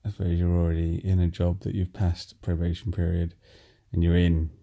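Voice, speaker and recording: A man's voice: deep voice, flat delivery, brisk, warm tone. A man hosting a casual podcast chat, easygoing and thinking aloud as he talks. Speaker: podcast host.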